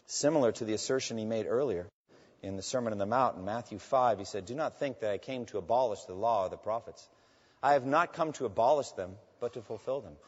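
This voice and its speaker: A man delivering a sermon, rising with force as he reads scripture and dropping low and quiet when he turns to address his friends in the pews. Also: fast talker, slightly rough. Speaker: pastor. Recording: dull reverberant hall sound.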